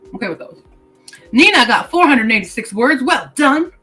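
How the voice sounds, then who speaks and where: A woman's voice: a little high, sing-song, a little fast, pushed and bright, faint music behind, rough recording. A woman hosting a casual writing-sprint livestream. She reads chat comments aloud, laughs often and talks while chewing candy.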